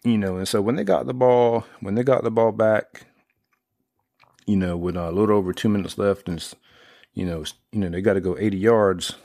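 Deep-voiced rambling sports fan man. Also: a little fast, gravelly, no echo, clean studio sound. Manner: rambling, heavy on fillers and restarts, excitable when retelling plays. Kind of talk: casual sports talk.

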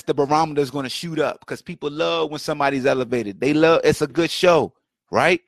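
A man with a slightly high, somewhat bright voice hosts his own podcast, livestreamed from home. The impassioned solo commentary is heated and rhetorical, loaded with repetition and mocking questions, and the sound is clean studio quality with no echo.

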